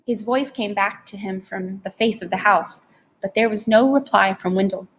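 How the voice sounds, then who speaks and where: A woman narrating an audiobook in a steady, expressive storytelling voice. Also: mid-range voice, moderate pace, husky. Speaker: audiobook reader.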